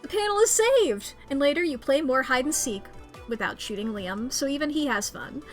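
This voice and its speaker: A woman streamer reading a dating game's text aloud, excitable and quick to squeal and gasp between lines. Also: high voice, faint music behind.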